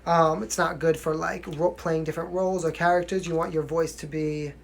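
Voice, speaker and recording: A man's voice: a little high, little pitch movement, brisk, creaky, a little hiss or hum. A young man from New York with a mild New York accent, chatting casually on a livestream as a singer answering viewer questions, often asking "you know what I mean" and laughing.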